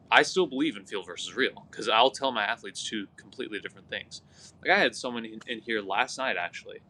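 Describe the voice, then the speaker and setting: A man's voice: on the low side, bright, forceful tone. A man who coaches athletes, co-hosting a podcast in casual conversation and telling stories in which he quotes his athletes. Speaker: hitting coach and podcast co-host.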